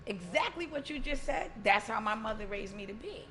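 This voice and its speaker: A woman co-hosting a casual talk show with a high, bright voice. She is emphatic and quick to laugh. A light hum of noise sits under her voice. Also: animated. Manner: emphatic, talks over others, laughs easily. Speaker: co-host. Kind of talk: casual chat.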